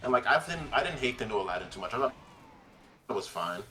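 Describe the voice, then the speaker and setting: A man's voice: mid-range voice, expressive, fast talker, sharp tone, slight background noise. A man streaming live, chatting casually with friends and his viewers, laid-back and swearing offhandedly. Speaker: livestreamer. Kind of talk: casual chat on a livestream. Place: his own room.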